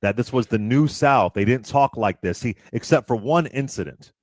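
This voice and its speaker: A man hosts a talk radio show and speaks with a lively, swooping delivery that rises and falls across each point. He presses his arguments emphatically and sometimes slips into a mocking voice to quote people he disagrees with. The studio sound is dry and close. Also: mid-range voice, normal speed, dry recording. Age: under 60.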